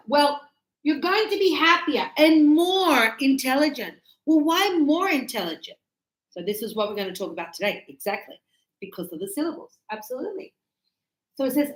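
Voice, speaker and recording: High-voiced teacher lady explaining grammar, acts out little dialogues, teasing, roomy echo. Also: animated, normal speed. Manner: emphatic, teasing. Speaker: English teacher. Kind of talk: informal classroom grammar explanation. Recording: echoey room.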